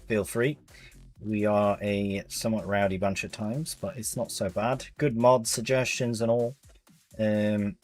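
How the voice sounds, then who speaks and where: A man, live-streaming a farming game and chatting casually with viewers as he plays. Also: lowish voice. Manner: chatty, reads chat aloud, British slang.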